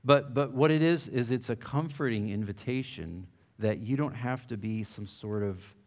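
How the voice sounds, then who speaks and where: A man's voice: mid-range voice, normal speed. A man giving a casual, conversational sermon, asking the audience questions and using plenty of fillers. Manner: reads a passage aloud with rising emphasis. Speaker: preacher.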